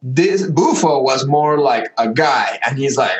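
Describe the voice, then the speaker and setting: A man's voice: mid-range voice, lively intonation, unhurried, hardly any pauses, reverberant, rough recording. A man, a podcast guest, telling a long story casually, rambling with many fillers and acting out the voices of the people in it.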